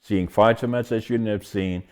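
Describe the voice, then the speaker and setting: An older man with a Dutch accent, a podcast host speaking haltingly in casual interview chat, often chuckling at himself. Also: lowish voice, steady tone, a little mellow. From northeastern Netherlands.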